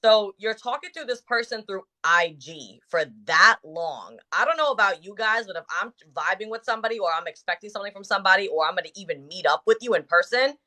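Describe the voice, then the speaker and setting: A woman podcast co-host gives firm, emphatic opinions in relaxed slang. Her voice is bright and clear. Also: mid-range voice. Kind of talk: casual podcast chat.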